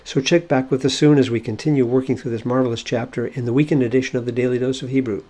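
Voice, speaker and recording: A man's voice: medium pitch, fairly even intonation, fast talker, warm tone. A man teaching a short biblical Hebrew lesson, explaining a verse word by word and thinking aloud with fillers.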